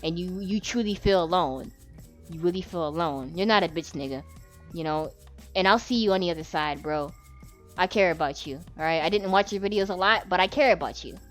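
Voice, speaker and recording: A woman's voice: lowish voice, a little fast, soft background music. A woman giving an unscripted, emotional vlog monologue. She rambles, swears a lot and speaks with passion.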